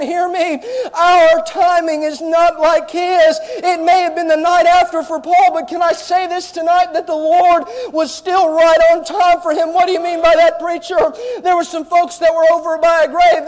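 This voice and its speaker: A man preaching a fiery revival sermon, often shouting and calling his listeners friend. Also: very high voice. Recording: long church reverb.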